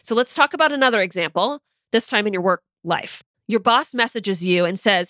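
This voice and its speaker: A woman's voice: medium pitch, brisk, hardly any pauses, fairly bright tone, dry recording, studio quality. A young woman in a teaching monologue, talking earnestly and casually as a mindset coach and acting out her own anxious thoughts in examples. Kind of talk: teaching monologue with personal stories.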